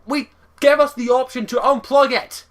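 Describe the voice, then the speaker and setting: Furious Scottish man ranting, bright voice. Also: extremely high pitch, steady tone, normal speed. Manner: swears constantly, exasperated, loud outbursts. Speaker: vlogger. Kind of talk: angry rant to camera. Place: his bedroom, sitting on his bed. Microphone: camera across the room.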